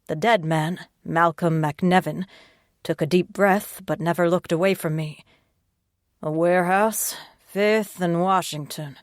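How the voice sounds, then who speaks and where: A woman reads a first-person audiobook in a low voice with a terse, hard-boiled edge. The sound is dry and close, with no room around it. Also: no room sound. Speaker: audiobook narrator.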